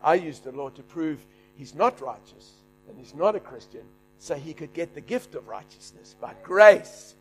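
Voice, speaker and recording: A middle-aged man preaching, animated, shouting and laughing as he tells a story. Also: on the high side, moderate pace, faint music behind. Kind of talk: sermon storytelling.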